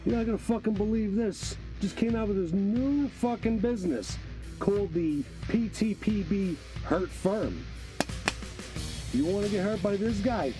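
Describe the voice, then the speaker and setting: Someone playing a sleazy cussing ad guy with guitar music loud under him. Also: medium pitch, unhurried, close to an everyday voice. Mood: pushy. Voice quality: profane, hard-selling. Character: crude aggressive pitchman in a spoof ad. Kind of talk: spoof commercial.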